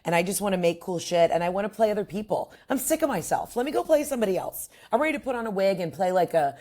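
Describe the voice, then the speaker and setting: A woman comedian, a guest on a podcast, telling stories in a brash, crude, animated way. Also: medium pitch, fast talker. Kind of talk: casual interview chat.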